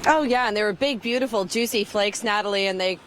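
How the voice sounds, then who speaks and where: A woman delivers a live weather report while standing outside in the snow. She talks in a chatty, upbeat way and slips in easy jokes between the temperatures and road conditions. Her voice sits at an ordinary middle pitch. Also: fast, a bit bright, a little hiss or hum. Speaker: weather presenter. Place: outdoors in a snowy town.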